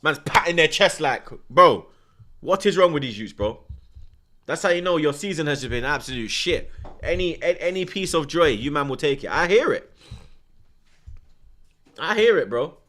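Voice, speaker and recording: A man's voice: on the high side, moderate pace, pauses often. Ranting man reacting to football. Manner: animated, ranting, London slang. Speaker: football watchalong host. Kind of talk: live match reaction commentary.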